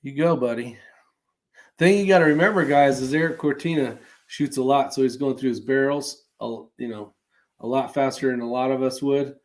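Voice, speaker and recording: Reading his live chat aloud, a Californian livestream host replies to viewer comments casually and rambles, dropping fillers and little chuckles along the way. He speaks at a normal speed in a mid-range voice.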